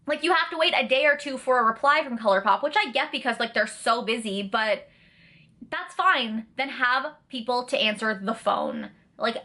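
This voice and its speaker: A woman's voice: a little high, pushed and bright. A young woman from Canada ranting in a vlog, blunt and sarcastic, with plenty of swearing. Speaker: vlogger.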